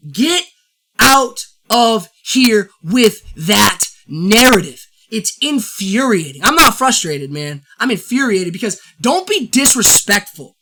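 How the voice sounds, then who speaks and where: A man holds forth alone on his show, his voice bright and forward. He rants about sports with fired-up energy. He rambles, restarts and circles back to hammer the same points. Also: sits high, very animated, takes it slowly. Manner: fired-up, rambling, repeats himself. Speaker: show host. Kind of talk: solo sports opinion rant.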